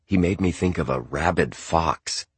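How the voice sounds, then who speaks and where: A male audiobook narrator with a very deep, husky voice, reading in a measured and restrained manner. The recording is close and dry, with no room sound. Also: no room sound. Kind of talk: scripted narration.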